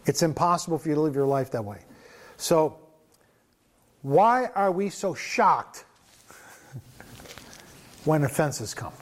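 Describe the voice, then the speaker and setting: A man's voice: a little high, expressive, takes it slowly, pauses often. A man preaching a sermon as pastor, in a conversational way, often chuckling and restarting his sentences.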